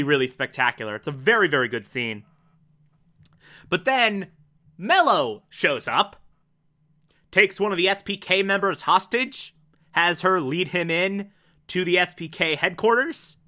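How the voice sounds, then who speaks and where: Guy doing a casual recap, kinda high bright voice, laughs a lot, snarky. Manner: laughs often, sarcastic asides. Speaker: anime recap host.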